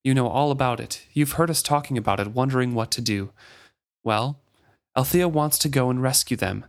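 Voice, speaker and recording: A man reading the lines of a gentle, nervous young woman who speaks soothingly and hesitantly. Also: mid-range voice, normal speed, lightly acted.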